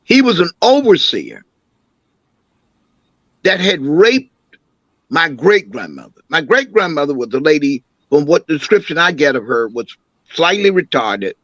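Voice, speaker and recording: An older man, an imam and councilman, recounting family memories as an interview guest with an animated, storytelling manner. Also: fairly high pitch, unhurried, long pauses, dry recording, highs cut off. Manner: animated storyteller, acts out quoted voices.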